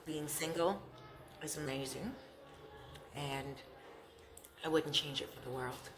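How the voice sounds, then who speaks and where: A woman's voice: low-pitched, steady tone, takes it slowly, background noise. A woman vlogger talking casually to camera while eating, chatty and repeating herself. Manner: chatty, repeats herself, talks with mouth full.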